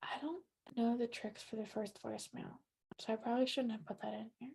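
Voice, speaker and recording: A woman with a fairly high voice runs a team training session. Her talk is upbeat and chatty, and she keeps tagging her points with "right?". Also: steady tone, fairly quick, gravelly, a little mellow, husky. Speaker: real estate team trainer. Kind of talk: training presentation to colleagues.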